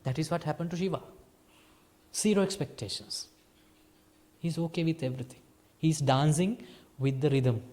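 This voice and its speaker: Soft-spoken Sri monk, high voice. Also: male voice, normal speed, long pauses. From Sri Lanka. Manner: lively teaching, swings between soft and emphatic. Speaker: Buddhist monk teacher. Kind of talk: dharma talk to a small group.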